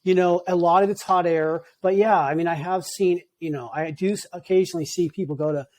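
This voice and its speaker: High, mellow laid-back surfer man. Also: steady tone, brisk. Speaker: surf coach. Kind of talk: casual podcast chat.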